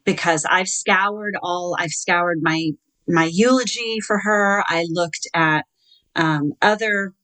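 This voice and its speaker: A middle-aged woman telling her own story in an interview, measured and hesitant, acting out the dialogue she recalls. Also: fairly low pitch, fairly bright tone, poor audio. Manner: measured, recounting with quoted dialogue and hesitant fillers. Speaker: interview guest.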